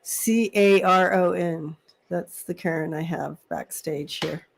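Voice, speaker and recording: A woman's voice: fairly low pitch, fairly even intonation, slow, gravelly, a little hiss or hum. A middle-aged woman co-hosting a casual live stream, chatty, laughing often and repeating her words. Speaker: psychic reader, co-host.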